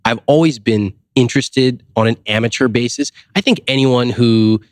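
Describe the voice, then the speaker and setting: A man's voice: mid-range voice, moderate pace, no echo, studio quality. A man from the United States, a guest on a podcast, telling stories in a casual interview. He acts out quoted dialogue and keeps asking rhetorical questions. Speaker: podcast guest, finance author.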